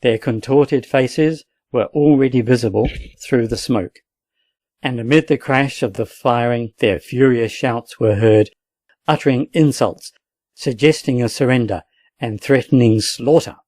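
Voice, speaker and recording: A man from Australia with an Australian accent, reading a classic novel aloud in a steady, measured way. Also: mid-range voice, dry recording. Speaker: audiobook reader.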